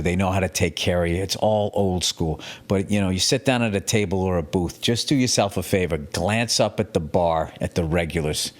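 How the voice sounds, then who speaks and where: A middle-aged male comedian rambling through a casual, profane monologue, telling stories in an animated way. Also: low-pitched. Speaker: comedian, podcast host.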